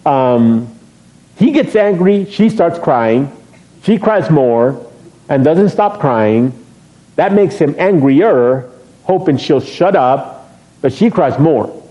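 A man's voice: fairly high pitch, expressive, slow, mellow. A middle-aged male pastor preaching a sermon from a church pulpit, joking with the congregation and asking them questions. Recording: dull lo-fi sermon recording.

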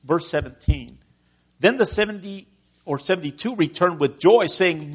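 A man's voice: fairly high pitch, moderate pace, husky. A middle-aged man from Texas preaching a conversational sermon and asking his listeners questions. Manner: conversational, asks the congregation questions.

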